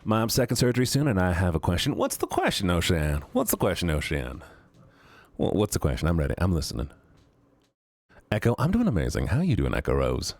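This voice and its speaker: A man's voice: low voice, sing-song, brisk, darkish tone, dry recording. A young man streaming from home, chatting playfully with viewers through a handheld microphone, rambling and teasing. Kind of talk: casual chat with viewers. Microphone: handheld studio microphone.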